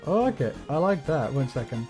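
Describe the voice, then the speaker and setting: A man streams casually over faint game music, his voice sitting at a middle pitch. He breaks down chords and rhythms in a loose, thinking-aloud way, hums snatches of tunes and swears freely when things go wrong. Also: very animated, a little fast. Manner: explains music theory and hums and sings melodies; swears a lot when frustrated. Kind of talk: casual livestream chat while gaming.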